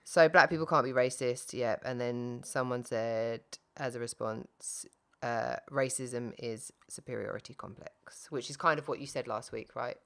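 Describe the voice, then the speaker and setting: A woman's voice: extremely low pitch, fairly even intonation, normal speed, fairly bright tone, clean tone. A woman co-hosting a casual podcast, chatty and self-interrupting, often laughing at her own slips. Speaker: podcast co-host.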